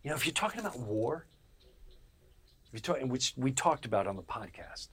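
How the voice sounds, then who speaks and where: Animated man telling a funny story. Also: a little fast, a little hiss or hum. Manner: animated, laughs mid-story, jumps between loud bursts and low asides; acts out other people's voices. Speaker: podcast host. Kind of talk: casual storytelling monologue.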